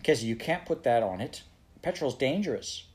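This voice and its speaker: A man's voice: mid-range voice, animated, moderate pace, natural voice. A man reading aloud voices a young girl who stays cool in a crisis and gives clipped, commanding orders. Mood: scolding.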